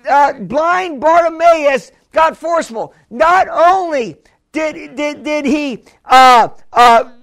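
High-voiced man preaching a fervent sermon. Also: expressive, slow. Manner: fervent, builds to shouts, calls for a witness.

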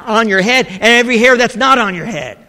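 An emphatic male pastor with a very high, bright voice, preaching a sermon in a church. He punctuates his points with repeated calls of amen, and his voice rings through a reverberant hall. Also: animated, brisk.

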